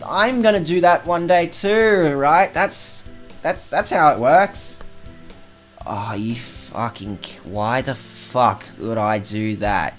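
A woman commenting casually on a game as a let's-play host, profane and sarcastic. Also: a bass voice. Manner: profane, sarcastic, slow drawling.

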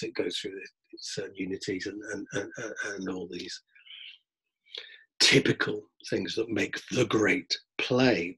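A man's voice: on the low side, a bit bright, breathy edge, rough recording. A man with a London accent, a drama teacher giving a rambling lecture and repeating words as he works through his thoughts. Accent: London English. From England. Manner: discursive, repeats words while thinking, acts out theatregoers in mock voices. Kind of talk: explanatory lecture.

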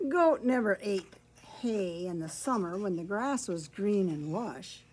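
Lady reading a kids' farm picture book, slow and lively, a bit breathy. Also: medium pitch. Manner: slow, explaining words along the way. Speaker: library storyteller.

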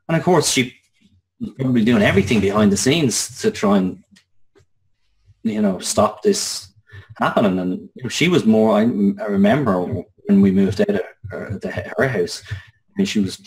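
An Irish man in his thirties with a fairly low voice. He tells his story as an interview guest, earnest and conversational, with plenty of restarts and the odd curse word. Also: moderate pace, poor audio. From Ireland. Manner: earnest, conversational, swearing, with frequent restarts and fillers.

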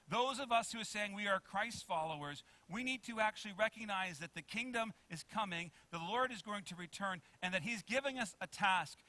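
Bright-voiced preaching man. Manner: preaching with many questions to the congregation; swings between loud emphasis and soft low asides. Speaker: pastor. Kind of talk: sermon.

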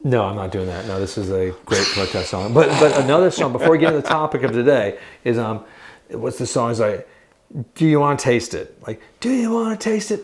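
Playful man chatting in a guitar shop. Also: mid-range voice. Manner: playful, jokey, breaks into sung bits and silly voices. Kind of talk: casual chat. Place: guitar shop in an old bowling alley.

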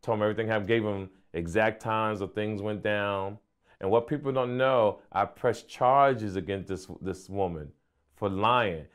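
A male comedian calmly recounting a personal story in an interview. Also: lowish voice, moderate pace, clear, resonant tone. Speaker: comedian guest.

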